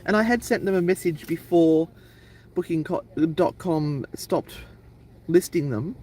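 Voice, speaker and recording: A woman's voice: lowish voice, animated, measured pace, mellow, a little hiss or hum, rough recording. A woman co-hosting a live stream, telling a long travel anecdote in a chatty, rambling way. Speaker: paranormal channel co-host. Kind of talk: casual live-stream storytelling.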